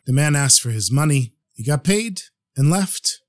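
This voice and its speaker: A man telling a story on his podcast, animated and acting out each character. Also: mid-range voice, normal speed.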